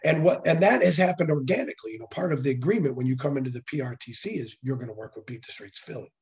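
Hoarse man talking earnestly. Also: mid-range voice, quick pace, darkish tone. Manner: earnest, with frequent restarts and fillers. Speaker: nonprofit executive director. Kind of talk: casual interview talk. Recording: dull lo-fi sound.

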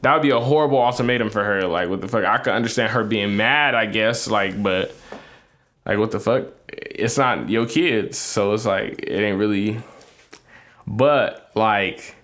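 A man's voice: on the low side, normal speed. Profane, blunt young man chatting. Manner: profane, blunt, animated when riled. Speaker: podcast co-host. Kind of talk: casual couple podcast chat.

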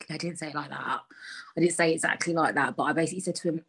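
A woman's voice: lowish voice, steady tone, fast talker, a bit bright, slightly rough. A young woman hosting a podcast alone, talking candidly and bluntly with lots of swearing. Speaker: podcast host. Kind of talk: casual solo podcast chat.

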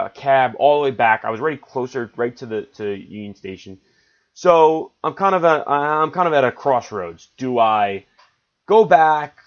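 A man hosting a podcast, telling a travel story in a chatty, rambling, self-deprecating way with lots of asides. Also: mid-range voice. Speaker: podcast host. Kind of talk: casual storytelling monologue. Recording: slightly dull lo-fi audio.

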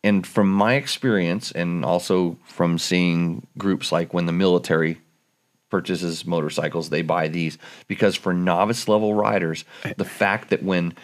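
A man with a somewhat low voice chats casually about motorcycles. He gets into the technical details and often restarts his sentences as he thinks them through. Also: steady tone, measured pace. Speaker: dirt bike reviewer. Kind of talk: casual chat.

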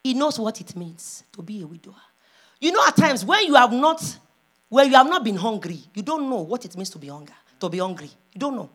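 A pastor's wife preaching a sermon, moving from hushed storytelling to loud, impassioned calls. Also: female voice, on the high side, very animated, a little fast.

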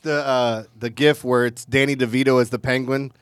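A man's voice: medium pitch, little pitch movement, brisk, smooth, dry recording. A man co-hosting a podcast, chatting in laid-back, joking banter. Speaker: podcast co-host. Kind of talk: casual chat.

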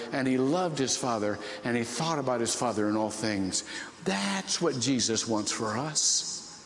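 A man's voice: mid-range voice, lively intonation, a little slow, echoey room, long reverb tail, some chatter behind, a little hiss or hum. A man from Ohio preaching a sermon, telling a story with many restarts and rising emotional swells. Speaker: pastor.

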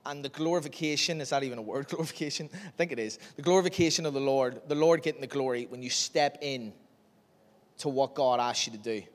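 A man preaching a sermon, telling a Bible story in a lively way and acting out its scenes. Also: on the high side. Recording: long reverb of a large hall.

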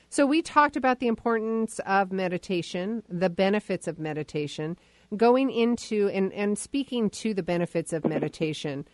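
A woman's voice: mid-range voice, animated, normal speed, dry recording. A woman hosting a podcast, chatting casually and starting over often. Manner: chatty, many restarts. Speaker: podcast host. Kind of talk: casual interview chat.

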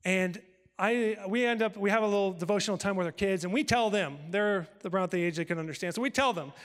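High-voiced preacher man in a reverberant hall. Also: fast talker. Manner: animated, acts out dialogue with God and his wife. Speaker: pastor. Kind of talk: storytelling sermon.

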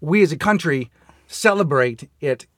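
A married man co-hosting a comedy podcast, talking quickly with profanity and stammered restarts. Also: on the high side, animated, fairly bright tone, no room sound, studio quality. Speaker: podcast co-host. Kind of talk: casual comedy chat.

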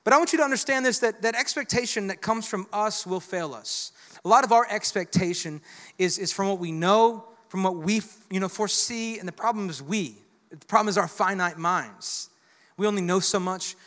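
A man's voice: sits high, moderate pace, a bit bright. A man preaching a sermon to a church congregation, emphatic and calling for responses from the crowd. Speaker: pastor. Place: church sanctuary. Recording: long hall reverb.

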